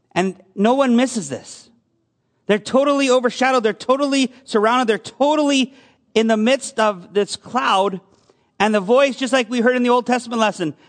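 A male pastor giving a conversational sermon, asking his congregation questions as he goes. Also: very high voice. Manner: conversational preaching with audience questions.

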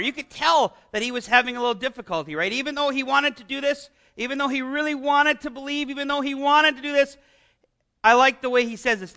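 A middle-aged male pastor preaches to his congregation in an animated, conversational style, piling on rhetorical questions. His voice is very high and his pace brisk.

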